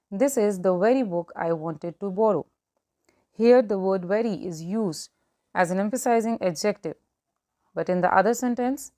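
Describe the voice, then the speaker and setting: A woman explaining English grammar, going through lists of examples in a clear, measured teaching manner. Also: mid-range voice, warm tone. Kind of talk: grammar lesson.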